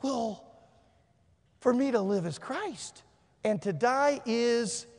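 A man preaching a sermon, telling a story and swinging between hushed and shouted delivery. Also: very high voice, expressive, slow pace, gravelly. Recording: long hall reverb.

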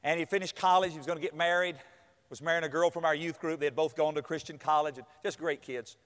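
A man's voice: a little high, fast talker. A man preaching a storytelling sermon, acting out quotes and laughing as he goes. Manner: animated, acts out quotes with laughter. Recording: long hall reverb.

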